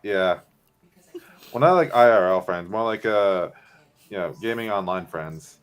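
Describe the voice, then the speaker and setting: A man's voice: low-pitched, expressive, unhurried, clear, resonant tone. A man as a guest in a casual chat on a call, blunt and opinionated.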